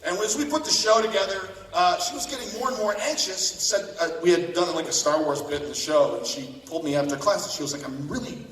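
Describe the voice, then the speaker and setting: High-pitched and quick, with few pauses and a fairly bright tone, this man is a voice actor rambling through chatty stories and occasional laughs on a convention panel. The large panel room is echoey, the mic is far away, and there's slight background noise.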